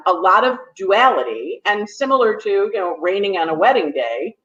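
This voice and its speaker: A woman astrologer chatting casually as a guest, telling a story quickly and acting out the people in it. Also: mid-range voice, animated, fairly bright tone. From New York. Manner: talks fast when nervous, acts out quotes. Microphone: phone on a call. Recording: echoey, dull phone audio.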